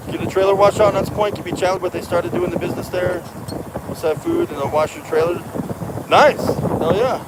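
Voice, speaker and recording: A truck driver with a high voice rambles through a casual livestream chat against a noisy background, his talk full of slang and sprinkled with Spanish words.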